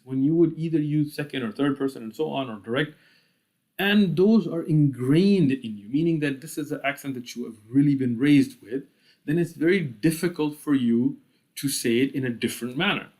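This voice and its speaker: A man's voice: on the high side, animated, normal speed, darkish tone. American man giving a religious lecture. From United States. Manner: explanatory, acts out dialogues with laughter. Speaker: Islamic lecturer.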